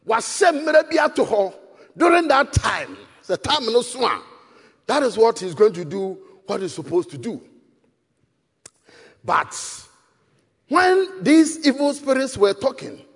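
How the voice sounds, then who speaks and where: A man with a Ghanaian accent preaching a sermon, shouting for emphasis and switching between English and Twi, in a hall with long reverb. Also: extremely high pitch, very animated, a little slow, pauses often, slightly rough.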